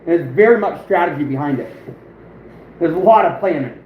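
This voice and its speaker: Male livestream host, high voice, boastful rambling chatter with frequent chuckles, recorded in a roomy space over faint background noise. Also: expressive, fairly quick, lo-fi sound. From United States. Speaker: outdoors channel host, livestreaming. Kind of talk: casual livestream chat.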